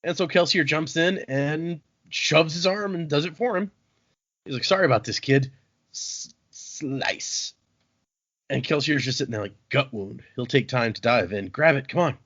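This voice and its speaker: A man's voice: on the high side, moderate pace. A man casually recaps a book chapter on a podcast and keeps slipping into playful voices for the characters. The audio is a bit dull and lo-fi, like a home recording. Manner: animated, acts out characters' lines. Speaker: podcast host.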